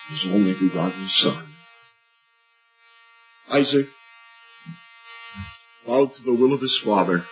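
At a church meeting, an older male preacher delivers an earnest evangelistic sermon, rising high on questions and dropping low and soft on key lines. The recording is muffled and lo-fi, with faint music.

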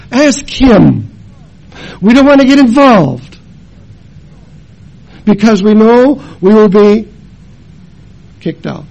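An older man preaching a sermon and telling his own story, dramatic, moving between loud emphasis and hushed tones. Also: sits high, creaky, husky. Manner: acts out family members' voices in his story. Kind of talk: sermon with personal testimony.

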